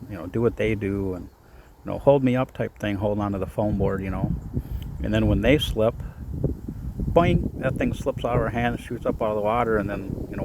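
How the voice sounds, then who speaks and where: Rambling man with a gravelly voice. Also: lowish voice, slight background noise. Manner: rambling, many fillers. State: shaky voice from cold. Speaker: faith vlogger. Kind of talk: casual devotional talk. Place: outdoors in the cold.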